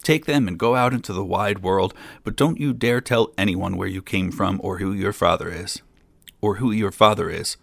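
A man's voice: low-pitched, normal speed, gravelly, a bit bright, no room sound, heavily acted. A man voicing a stern, exasperated father who scolds his foolish son.

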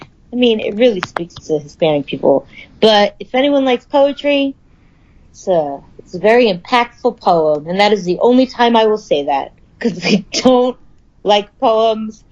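A woman's voice: mid-range voice, animated, a little slow, a little mellow, highs cut off. A woman in her thirties, a podcast co-host in casual chat, blunt and swearing, laughing often. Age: 30s.

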